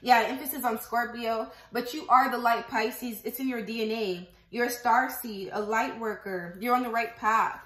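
A woman's voice: on the high side, steady tone, moderate pace, few pauses, a bit bright, echoey room, rough recording. A woman giving a casual tarot reading to camera, chatty and profane, affirming her viewers and counting numbers aloud as she goes. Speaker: tarot reader.

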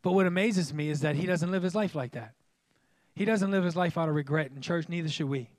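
A man preaching a sermon in church in a lively, joking way, with sudden loud exclamations. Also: fairly high pitch, brisk, dry recording, studio quality. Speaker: pastor.

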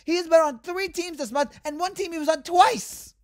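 A woman's voice: extremely high pitch, normal speed, darkish tone. A woman hosting a sports fan channel, delivering an exasperated, heated rant to the camera.

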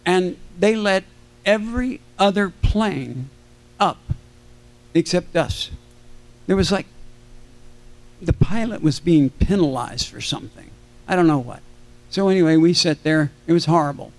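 An older man telling animated stories to a convention audience, acting out the voices of people he quotes. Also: sits high, unhurried, pauses often. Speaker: convention panel guest. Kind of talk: storytelling to a live audience. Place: convention stage.

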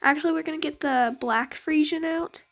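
A woman's voice: high-pitched, normal speed. A young woman casually commenting on her game as its channel host, chatty and rambling, often correcting herself. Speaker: gaming YouTuber. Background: game music.

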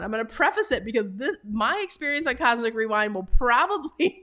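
A chatty woman in her forties tells a story straight to camera, full of laughs and fillers. Her voice sits a little higher than most women's. She talks in a casual, animated way. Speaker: travel business vlogger.

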